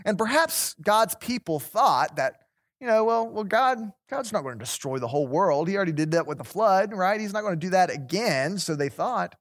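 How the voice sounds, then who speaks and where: A man leads a Bible class in a relaxed, conversational way, his voice sitting a little high. He stumbles over repeated words and keeps turning questions back to the listeners. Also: moderate pace. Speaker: Bible study teacher. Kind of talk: interactive Bible class teaching.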